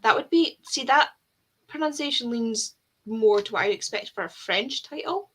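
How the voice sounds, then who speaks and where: Bright-voiced Scottish woman hosting a chat. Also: a little high, expressive, husky. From Scotland. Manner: chatty and self-deprecating, quick laughs. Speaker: host of a reading sprint livestream. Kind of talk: casual chat.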